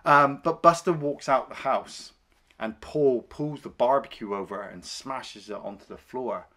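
A man's voice: mid-range voice, unhurried. Chatty man retelling a film. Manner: animated retelling, acting out scenes. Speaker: film review podcast co-host. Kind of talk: casual film discussion.

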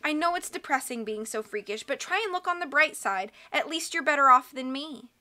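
A woman voicing a shy, melancholy contortionist woman who sighs and speaks softly, a little higher than the narration. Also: expressive, a little fast. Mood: shy, sad. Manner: soft, sighing, shy.

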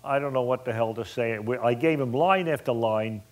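A man's voice: mid-range voice, moderate pace. A man, a film director, telling an anecdote to an audience and acting out bits of dialogue. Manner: animated, colorful storyteller who acts out dialogue.

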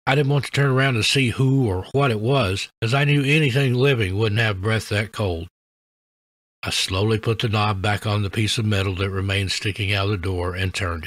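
A man's voice: mid-range voice, a bit bright, no echo, lightly acted. A man reading out the first-person account of a shaken man who spent a night in a haunted ghost town, in a shaky storytelling voice.

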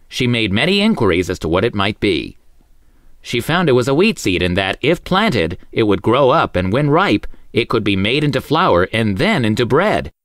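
A man's voice: mid-range voice, dry recording, studio quality. Sing-song male storyteller. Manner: expressive, sing-song reading. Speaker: storyteller host. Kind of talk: children's story narration.

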